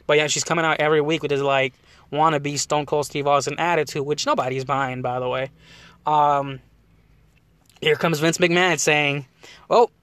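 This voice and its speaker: A man hosts a casual podcast, his voice sitting a little higher than most men's. He rambles in an animated way and laughs often. The recording is dry and close, with no room sound. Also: smooth, dry recording. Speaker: podcast host. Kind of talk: casual wrestling chat.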